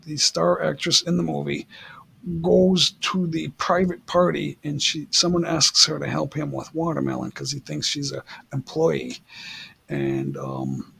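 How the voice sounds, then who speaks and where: A man's voice: a little high, gravelly, breathy edge. A man hosting a livestream, chatting casually and rambling as he reads the chat aloud. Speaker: livestream host.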